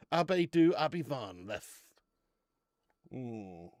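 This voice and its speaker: A man's voice: medium pitch, very animated, drawn-out words, a little mellow. A young man chatting casually on a live stream, reviewing beer, bantering with viewers and swearing now and then.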